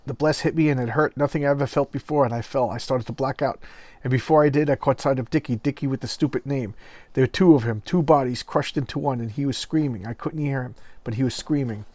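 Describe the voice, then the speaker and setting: A man's voice: mid-range voice, fast talker, darkish tone, no room sound, close to an everyday voice. A man voicing an earnest male superhero recalling his forgotten past in a pained, sincere way, read aloud from a comic. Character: earnest male superhero, regaining lost memories.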